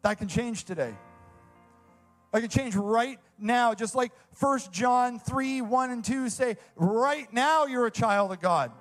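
A man's voice: very high voice, takes it slowly, fairly bright tone, faint music behind. A young man preaching a sermon as a youth pastor, earnest and enthusiastic, repeating phrases for emphasis.

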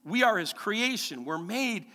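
A male pastor delivers a lively sermon with a bright, high voice. He repeats key phrases and keeps checking in with the congregation. His words echo through a reverberant church hall. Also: unhurried. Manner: animated, emphatic, repeats key phrases, asks the congregation questions.

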